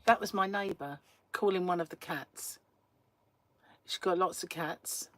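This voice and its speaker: A woman's voice: lowish voice, unhurried, a bit bright, slight background noise. A woman, hosting a casual live stream, telling a chatty story and laughing often. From England. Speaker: crochet livestream host.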